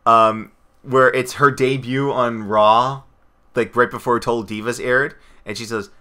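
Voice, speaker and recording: A man co-hosting a casual chat, rambling from one aside to the next. His voice is very bright and forceful at a middling pitch, and he gets excitable as he goes. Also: a little slow. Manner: rambling, excitable, slips into goofy impressions. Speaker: podcast co-host.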